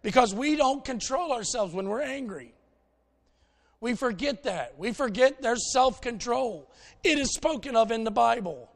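A man's voice: extremely high pitch, lively intonation, unhurried. A man preaching a conversational sermon in a folksy, plainspoken way, telling stories to make his points.

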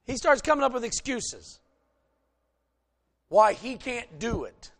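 A man's voice: very high-pitched, sing-song, takes it slowly, a bit bright. A pastor preaching a sermon to his congregation, folksy and joking, from the American South.

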